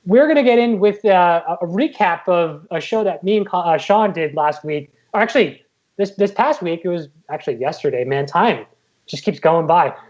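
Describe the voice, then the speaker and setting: A man's voice: sits high, expressive, normal speed, darkish tone, lo-fi sound. A man co-hosting a casual podcast as a meteorologist over a video call, easygoing and stopping to restart his sentences. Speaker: co-host and meteorologist.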